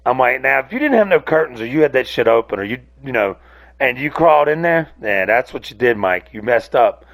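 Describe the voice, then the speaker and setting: A man's voice: medium pitch, expressive, fairly quick, creaky, a bit bright. A man hosting a casual solo rant podcast, rambling and cursing freely, often breaking off mid-sentence. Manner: rambling, profane, self-interrupting. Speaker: podcast host.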